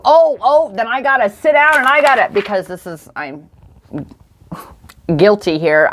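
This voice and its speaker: A woman's voice: mid-range voice, fairly bright tone, slight background noise. A woman in her forties, an intuitive coach, giving a heartfelt, affirming card reading on a livestream. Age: 40s. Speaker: intuitive coach and tarot reader. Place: indoors in front of a camera.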